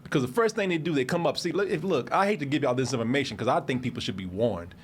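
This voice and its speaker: A man's voice: medium pitch, animated, quick pace, slight background noise. A man on a podcast, telling stories in casual chat, cursing freely and laughing often. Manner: laughing, profane storytelling. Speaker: podcast co-host.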